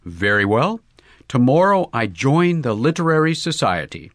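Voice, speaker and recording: A man voicing an earnest, excitable young golfer in love, raising his voice a little for him. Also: mid-range voice, moderate pace, no echo, clean studio sound.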